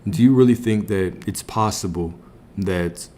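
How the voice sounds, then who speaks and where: A man's voice: lowish voice, unhurried, warm tone, a little hiss or hum. A man giving a casual spiritual teaching on a livestream, reflective, repeating phrases and asking his listeners questions. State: a little out of breath. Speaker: spiritual coach streaming to viewers.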